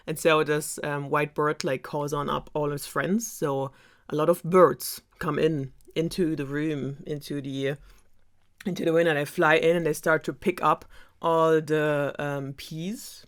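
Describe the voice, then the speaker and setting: A woman's voice: low-pitched, steady tone, moderate pace. A young woman from Germany with a German accent, casually retelling a fairytale with lots of fillers and sarcasm. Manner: rambling, filler-heavy, lots of "like" and "um". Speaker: storyteller.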